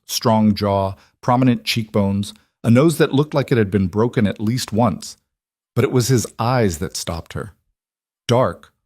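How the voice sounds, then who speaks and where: A man narrating a scripted story in a steady, measured way. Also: lowish voice, no echo, studio quality.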